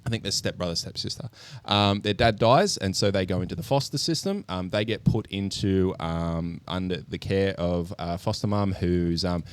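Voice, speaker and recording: Deep-voiced man retelling a film, animated. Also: normal speed, clear, resonant tone, no echo. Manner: animated storyteller, swears freely, lots of ums. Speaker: podcast co-host. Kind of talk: casual podcast chat, movie review.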